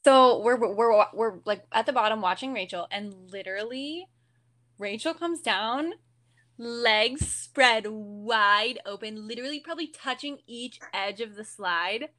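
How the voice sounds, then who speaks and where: A young woman guest on a podcast, excitedly retelling a funny story with giggles. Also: fairly high pitch, unhurried. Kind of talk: casual storytelling chat.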